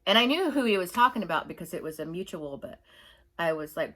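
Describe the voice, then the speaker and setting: A woman's voice: fairly low pitch, animated, fast, pushed and bright. A middle-aged woman ranting indignantly in her own opinion vlog, emphatic and repetitive. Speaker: YouTuber.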